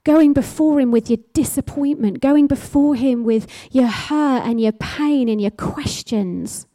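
Female preacher, sermon, warm and slightly high voice, passionate and emphatic with repeated phrases. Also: measured pace, dry recording.

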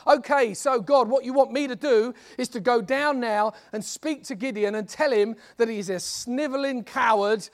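A man's voice: extremely high pitch, normal speed, few pauses. A man voicing a skeptical male angel who questions his orders with exasperated disbelief. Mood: incredulous.

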